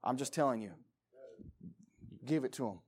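A man preaching a sermon as pastor, emphatic, swinging between loud urging and quiet pleading. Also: mid-range voice, animated, moderate pace.

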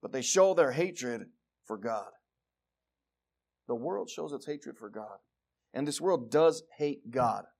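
A male preacher giving a sermon, reading scripture and moving from loud declarations to quiet asides. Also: mid-range voice, animated, takes it slowly, gravelly, pauses often. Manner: reads scripture aloud in King James wording.

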